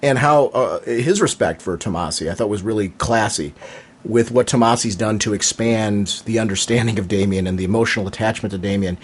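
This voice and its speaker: Husky man gushing on a podcast. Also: fairly low pitch, brisk. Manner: enthusiastic, hesitant restarts. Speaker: podcast co-host. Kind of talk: casual chat.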